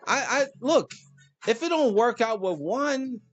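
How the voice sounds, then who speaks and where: A man hosting a casual monologue, preachy and animated, joking and laughing at his own lines. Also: extremely high pitch, measured pace, dull audio, faint music behind. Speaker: host.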